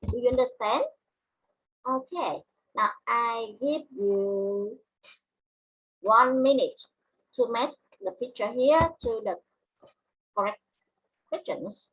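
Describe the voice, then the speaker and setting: Slow, breathy Vietnamese-accented teacher. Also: female voice, a little high, animated, fairly bright tone, highs cut off. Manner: slow, deliberate, repeats words for learners. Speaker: English teacher. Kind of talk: classroom lesson.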